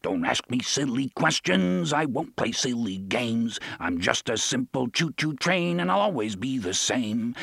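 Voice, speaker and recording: A man voicing a small, cheerful male steam train with a gruff voice in an audiobook, singing a simple song softly. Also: mid-range voice, no echo, clean studio sound, full character voice. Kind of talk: audiobook character voice.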